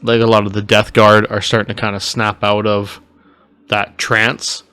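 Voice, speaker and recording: A man with a lowish but bright, forceful voice chats about books on a podcast. He is animated and acts out characters' reactions as he talks. The sound is close and dry. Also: moderate pace, clean tone, no room sound. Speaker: podcast co-host. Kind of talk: casual book discussion.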